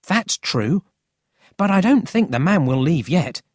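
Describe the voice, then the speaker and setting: A narrator voicing a cheeky, excited city boy in a storybook reading. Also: medium pitch, unhurried, dry recording, studio quality, pitched above the performer's own voice.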